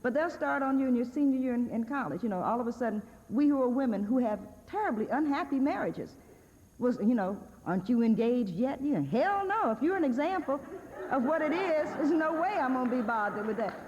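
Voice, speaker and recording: A woman's voice: high voice, expressive, a little fast, a little mellow. A woman speaks from the podium of a lecture hall, her voice carrying a long reverb on a dull, lo-fi archival recording with a faint hiss. She talks in a wry, sardonic, conversational manner and laughs often as she lectures. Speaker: guest speaker at a university. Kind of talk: humorous lecture.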